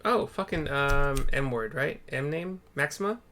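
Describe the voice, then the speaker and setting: A man's voice: mid-range voice, lively intonation, measured pace, pushed and bright, a little hiss or hum. A man casually narrating a story game for blind viewers, swearing and thinking aloud.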